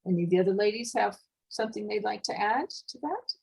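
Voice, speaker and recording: A woman's voice: mid-range voice, animated, quick pace, gravelly, darkish tone, slightly rough, poor audio. A middle-aged woman moderating an online panel over a video call, chatty and friendly, laughing between remarks. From United States. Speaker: forum moderator.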